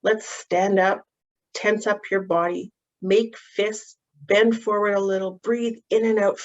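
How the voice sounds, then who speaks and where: A woman practitioner gently and patiently walking parents through a calming activity for children, with frequent ums. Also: medium pitch, slow pace. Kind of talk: instructional walkthrough of a calming activity. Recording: dull, muffled audio.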